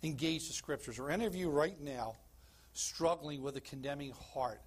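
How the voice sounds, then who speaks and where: A man's voice: on the high side, moderate pace, slightly rough. A man preaching a sermon as pastor of a church, emphatic, asking the congregation questions and calling for slides.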